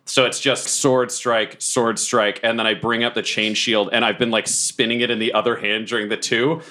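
A man's voice: mid-range voice, level tone, moderate pace, bright, forceful tone. A man playing a tabletop game, animatedly describing his character's actions. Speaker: player.

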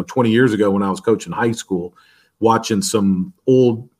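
A man who coaches defensive line, talking casually on a podcast and walking through technique step by step, often restarting his sentences. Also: lowish voice.

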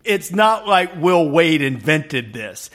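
A man's voice: on the high side, sing-song, slow, fairly bright tone. A man hosting a casual sports talk podcast, giving opinions with a sarcastic edge. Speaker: podcast host.

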